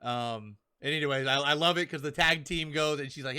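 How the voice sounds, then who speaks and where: A young man hosting a podcast, chatting casually and excitedly as he talks through a manga chapter, often acting out characters' lines. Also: a little high, a little fast, clean tone. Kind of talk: casual chat.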